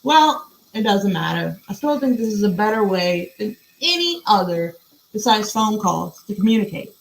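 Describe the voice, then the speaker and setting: A woman's voice: mid-range voice, very animated, moderate pace, creaky, low-quality recording. A woman hosting a podcast from a room at her home computer, reading emails aloud and commenting on them in a blunt, profane, casual way.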